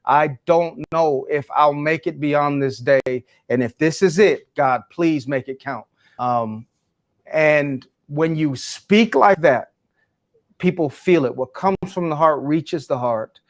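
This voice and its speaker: A man's voice: on the high side, takes it slowly. Passionate, emphatic male speaker. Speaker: guest, education speaker. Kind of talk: interview answer.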